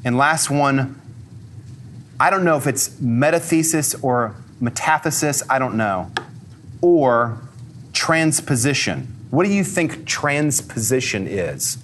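A man giving a lively, conversational talk to a live audience, peppering his speech with fillers and questions for the crowd. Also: medium pitch, slow, slight background noise.

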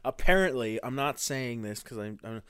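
Man, podcast co-host, casual chat, mid pitch, dry booth sound. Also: expressive, moderate pace, fairly bright tone, smooth, no room sound. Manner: chatty reactions, swearing.

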